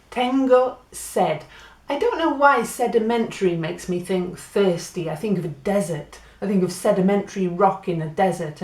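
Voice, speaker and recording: A woman's voice: mid-range voice, darkish tone, echoey room. A woman from Great Britain giving a patient spoken language lesson, spelling out and repeating words. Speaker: Spanish teacher.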